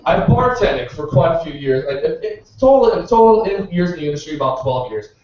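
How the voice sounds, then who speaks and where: A man's voice: fairly high pitch, very animated, brisk, a little mellow. A man doing a stand-up comedy set at a bar's open-mic night, telling sarcastic stories about his bartending customers, with profanity. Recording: echoey bar room, distant dull mic.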